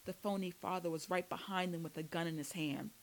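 Woman, audiobook narrator, first-person story, steady delivery, lowish pitch. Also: a little fast, a little hiss or hum, poor audio.

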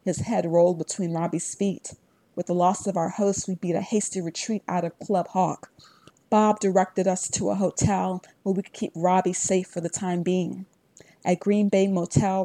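A woman narrating a first-person fantasy audiobook in a steady, even storytelling voice on a close mic. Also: on the low side, normal speed, no echo.

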